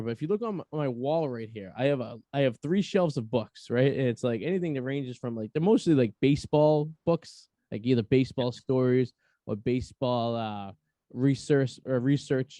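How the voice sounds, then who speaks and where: Boston male podcast host, chatty and rambling, mellow voice, dry close recording. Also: mid-range voice, normal speed, no echo. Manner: rambling with stammered restarts. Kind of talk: casual chat.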